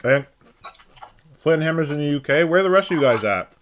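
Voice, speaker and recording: A man's voice: on the high side, lively intonation, brisk, a little hiss or hum. A man hosting a casual live stream, joking and reading out viewers' names. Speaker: stream host.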